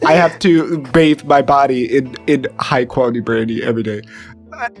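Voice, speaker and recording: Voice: mid-range voice, normal speed, faint music behind. A podcast co-host in casual chat, jokey and exaggerated, rambling through tall tales.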